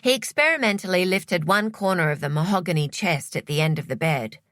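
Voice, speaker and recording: A woman reading scripted narration for an audiobook in a measured storytelling manner. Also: fairly low pitch, expressive, a bit bright, no room sound, clean studio sound.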